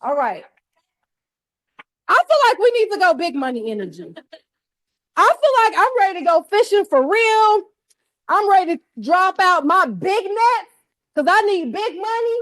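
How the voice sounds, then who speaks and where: A woman's voice: very high voice, very animated, a little slow, pauses often, fairly bright tone. A woman leading a motivational workshop, pumping up a live audience with colloquial call-and-response. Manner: colloquial, uses "y'all". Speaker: workshop speaker. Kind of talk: energetic motivational workshop talk.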